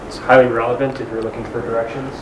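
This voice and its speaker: A man presenting to a workshop group, hesitant with many pauses and ums. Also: mid-range voice, level tone, crowd noise. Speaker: workshop participant. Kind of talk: informal presentation. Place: conference room. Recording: roomy with noise.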